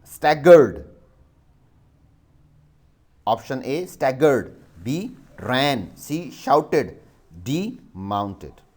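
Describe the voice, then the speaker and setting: A man's voice: medium pitch, sing-song, very slow. A male teacher with a Pakistani English accent, dictating a vocabulary exercise and spelling words letter by letter.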